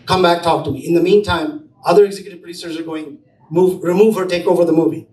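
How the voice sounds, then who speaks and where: Man telling a lively story in an echoey room. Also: a little high, fast talker, recorded from a distance. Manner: animated storytelling, acting out quotes. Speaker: film producer. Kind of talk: storytelling talk at an event. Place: event space.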